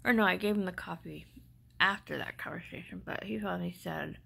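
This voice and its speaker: Gravelly middle-aged woman talking toothless. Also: on the low side, brisk, sharp tone, low-quality recording. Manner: emotional, rambling, often drops to a whisper. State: speaking without teeth after extractions. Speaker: vlogger. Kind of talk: personal storytelling vlog.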